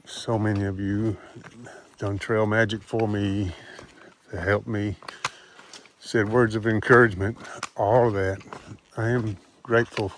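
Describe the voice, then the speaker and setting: A man with a somewhat low voice vlogs outdoors, emotional and grateful, his words halting and breaking off. Faint background noise is audible around him. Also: flat delivery. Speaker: thru-hiker vlogger. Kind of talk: emotional trail vlog. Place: outdoors at a trailhead.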